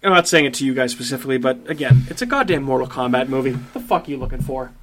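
A man's voice: mid-range voice, very fast, fairly bright tone, slight background noise. A man hosting a casual movie review podcast, talking bluntly and swearing freely, sometimes acting out quotes in a slangy voice. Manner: profane, blunt and emphatic. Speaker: podcast host.

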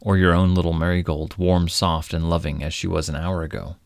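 A man voicing a calm, wise magical stranger who asks measured, probing questions in a storybook reading. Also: low voice, creaky, no room sound, clean studio sound.

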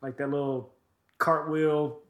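A man on a casual podcast, running through a wrestling recap in a loose, profane ramble full of "uh" and "um". His voice sits a bit higher than most men's. The room around him is echoey. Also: level tone, slow pace. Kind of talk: casual chat.

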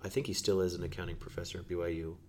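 A man hosting a casual interview, relaxed and thoughtful, often pausing to search for words. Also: low voice, a little hiss or hum. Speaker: host.

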